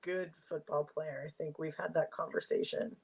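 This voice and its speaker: Female co-host, mid-range voice, quick chatty banter over a remote call. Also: sits low, fairly even intonation, crowd noise, poor audio. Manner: quick, chatty, laughs often. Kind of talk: casual chat on a live video call.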